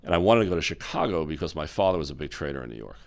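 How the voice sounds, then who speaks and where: His voice is rumbling low, sing-song and a little mellow, and he talks very fast. A middle-aged American guest and former exchange executive, he tells interview stories animatedly, acting out voices of the people he quotes.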